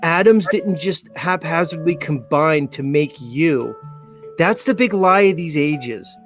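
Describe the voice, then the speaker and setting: A man's voice: on the high side, takes it slowly, soft background music. Rambling forty-something male host. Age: 40s. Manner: rambling, laughs often, many fillers. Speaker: show host. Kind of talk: casual live show chat.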